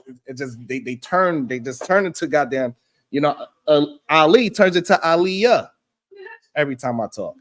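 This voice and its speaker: Male host, slightly high voice, animated, laughing, casual commentary. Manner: animated, laughing, repeats himself for emphasis. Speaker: host reacting to clips. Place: studio.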